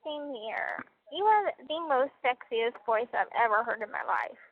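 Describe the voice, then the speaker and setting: Young woman, girly soft voice, high-pitched, giggly and playful, muffled phone-line sound. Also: lively intonation, measured pace. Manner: giggly, playful, swears casually. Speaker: caller on a prison phone call. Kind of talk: casual phone chat. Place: prison. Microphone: prison telephone. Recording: tinny prison phone line.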